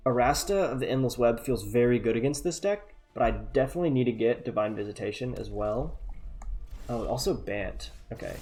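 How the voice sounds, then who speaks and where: A man giving relaxed, chatty play-by-play of a card game, thinking aloud and muttering asides to himself. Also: mid-range voice, a little fast, soft background music. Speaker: gameplay commentator.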